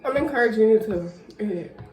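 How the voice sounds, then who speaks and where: A woman's voice: fairly high pitch, lively intonation, a little fast, echoey room. A woman co-hosting a spicy noodle challenge vlog at home, laughing and cursing bluntly. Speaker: vlogger. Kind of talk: casual chat.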